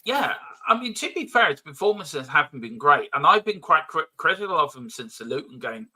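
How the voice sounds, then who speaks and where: Man, podcast host, very bright tense voice, slightly high, chatty, reads chat comments. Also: very animated, brisk, husky. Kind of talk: casual fan podcast chat.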